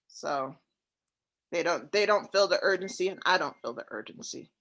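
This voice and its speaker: A woman on a coaching call, talking in a laid-back, fairly monotone way about her trouble closing deals. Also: normal speed. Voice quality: even, fairly monotone delivery. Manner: laid-back, relaxed and low-key. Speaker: real estate syndicator seeking coaching.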